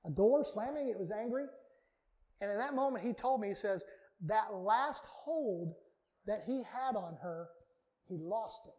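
A man's voice: sits high, expressive, a little slow, darkish tone. A male pastor preaching a sermon to his congregation, earnest and emphatic, repeating key words for weight. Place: church sanctuary.

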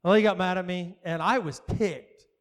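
A man's voice: high voice, brisk. A male pastor preaching a sermon, telling a story with acted-out dialogue and frequent laughs. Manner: animated storytelling, acts out dialogue, laughs often.

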